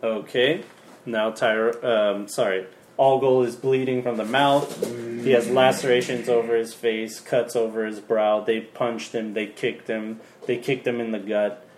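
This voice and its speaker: Slow, halting male game master. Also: mid-range voice, fairly even intonation, roomy sound, a little hiss or hum. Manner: slow, halting, many fillers. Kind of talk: narrating a tabletop game.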